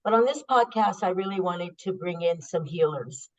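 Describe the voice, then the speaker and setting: A woman hosting a podcast, chatting casually and warmly telling a story, openly emotional. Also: fairly low pitch, moderate pace. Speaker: podcast host. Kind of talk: casual interview chat. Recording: dull lo-fi sound.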